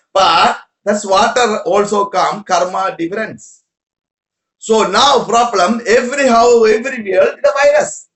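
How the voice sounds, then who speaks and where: High-voiced man giving a rambling spiritual talk. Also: fairly bright tone, reverberant. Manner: broken English, repetitive, rambling. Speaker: spiritual teacher.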